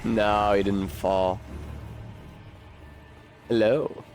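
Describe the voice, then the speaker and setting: A man's voice: lowish voice, level tone, very slow, music in the background. A man streaming a video game, chatting casually in a rambling, profane and wry way. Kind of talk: casual gameplay commentary.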